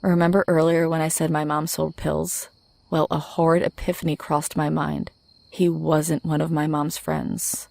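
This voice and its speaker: A woman narrating a true horror story in a steady, scripted storytelling voice. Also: deep voice, normal speed, vocal fry.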